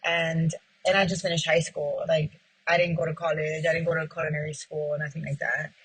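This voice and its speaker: A woman's voice: low-pitched, level tone, brisk, a bit bright, breathy edge, poor audio. A woman who owns a pizzeria, telling her story in an interview and acting out past conversations, with many casual "like"s. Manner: retells past talks by acting out both sides, heavy with "like". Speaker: pizzeria owner.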